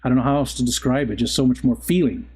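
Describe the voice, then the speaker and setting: A middle-aged man chats casually on a live stream in an easygoing, unhurried voice of ordinary pitch. He rambles from one thought to the next, often stopping to restart a sentence before carrying on. His talk stays relaxed and conversational throughout. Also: slightly rough. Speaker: livestream host reading chat. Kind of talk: casual chat.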